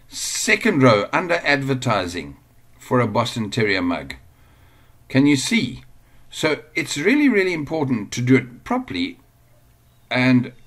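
A man teaching an online business lesson at home, chatting casually while sharing his screen, digressing often and easily amused. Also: mid-range voice. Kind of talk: casual screen-share tutorial.

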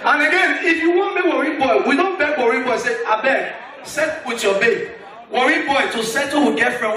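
Animated Nigerian comedian in an echoey hall. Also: male voice, distant mic. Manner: loud, animated storytelling with sudden shifts in pitch. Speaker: stand-up comedian. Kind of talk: stand-up comedy in Nigerian Pidgin. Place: large concert hall with live audience. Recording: echoey hall, mic off a bit, crowd noise.

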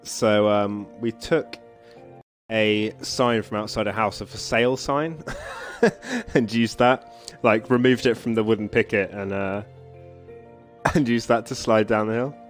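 A man's voice: lowish voice, fairly even intonation, measured pace, pauses often, faint music behind. A man streaming a game, chatting casually, laughing often and reading the story text aloud.

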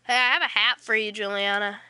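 A woman's voice: mid-range voice, steady tone, fairly quick, pushed and bright, clean tone, dry recording. A woman casually chatting while playing a game online, playfully trash-talking creatures in slangy speech. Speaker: gaming channel host. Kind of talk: casual let's-play chatter.

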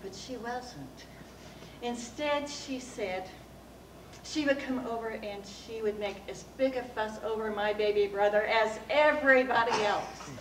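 Slow, animated woman telling a story. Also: on the high side. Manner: animated storytelling that acts out the quoted voices. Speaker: club speaker. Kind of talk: speech recounting a childhood story. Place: meeting room of a speaking club. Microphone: distant recorder. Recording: roomy, distant room recording with background hum.

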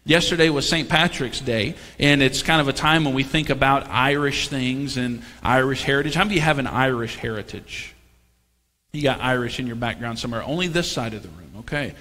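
A man's voice: medium pitch, bright, forceful tone. A man preaching a sermon as pastor, talking conversationally and tossing rhetorical questions and jokes to the congregation. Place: church sanctuary. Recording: long reverb of a church hall.

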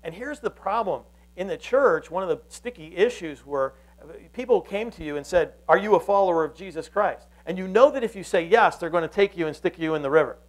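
A pastor with a fairly high voice delivers a sermon. He tells the story earnestly and keeps restarting his phrases as he goes. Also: animated, fairly quick, low-quality recording.

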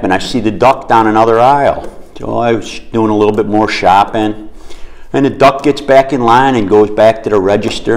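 A man hosting a short school announcement segment, telling a long joke in a casual, rambling way. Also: mid-range voice. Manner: rambling, storytelling.

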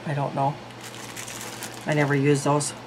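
A woman's voice: low voice, monotone, measured pace, noisy background. A woman reviewing beauty products in a casual vlog, chatty and thinking aloud. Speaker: beauty vlogger.

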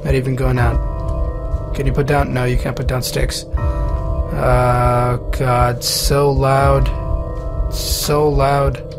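A man's voice: medium pitch, level tone, drawn-out words, long pauses, over music. A young man playing a horror game, commenting as he goes, panicking, swearing and begging to be left alone. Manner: panicky, swearing, pleading with the monster. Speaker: gaming channel host.

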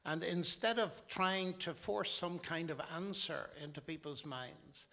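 An older man with a Northern Irish accent, speaking in a measured, reflective way on a conference panel. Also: a little high, a bit bright. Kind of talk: panel discussion.

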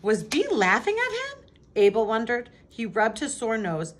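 A woman reading a children's picture book aloud in a lively, expressive way. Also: fairly high pitch, a little slow. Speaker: storybook reader.

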